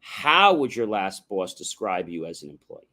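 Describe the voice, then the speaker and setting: A deep, sharp-toned male voice with big pitch swings, at normal speed, hosts a motivational livestream on a livestream mic. He teaches instructively, contrasting yes-no questions with open ones, and rhetorically tacks on "right?" often.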